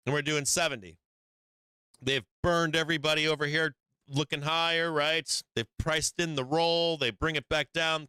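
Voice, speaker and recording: A man's voice: a little high, bright, forceful tone, clean tone, no room sound. A man hosting a stock market stream, talking through charts in a brash, profane, hyped-up way and speaking straight to his viewers. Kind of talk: casual live chart commentary.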